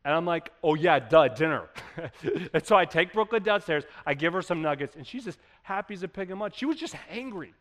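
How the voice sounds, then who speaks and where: A pastor in his thirties preaches in a high, light, fairly bright voice, speaking conversationally to the room before rising to emphatic peaks. He's expressive and quick, with hardly any pauses, and his voice rings through a church hall with long reverb.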